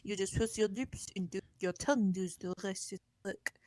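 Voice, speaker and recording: A woman streaming a game, chatting in an animated way and swearing freely. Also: medium pitch, moderate pace, no echo. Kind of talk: casual let's-play banter.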